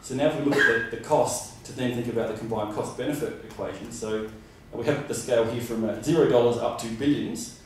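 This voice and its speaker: A man's voice: medium pitch, steady tone, fairly quick, few pauses, slight background noise. A man giving a conference presentation, rambling with many fillers and restarts. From Australia. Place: conference room. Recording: roomy hall from far off.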